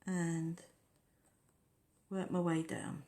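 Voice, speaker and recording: A woman's voice: on the low side, extremely slow, creaky, warm tone. A woman hosting a casual nail-art tutorial, chatting and rambling as she works on the nails. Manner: chatty, rambling, talks while working.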